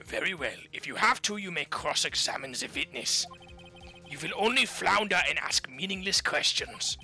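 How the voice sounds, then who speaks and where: A man's voice: sits high, animated, moderate pace, bright, forceful tone, soft background music, full character voice. A man doing a smug sneering prosecutor. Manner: haughty, sneering. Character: smug arrogant male prosecutor. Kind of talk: reading game dialogue aloud.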